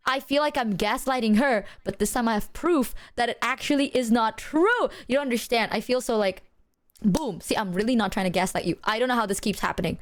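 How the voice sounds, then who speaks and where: A woman's voice: on the high side, fairly quick. A woman streamer in casual chat, telling stories animatedly with plenty of swearing and acted-out quotes. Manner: animated, profane storytelling, acting out her own side.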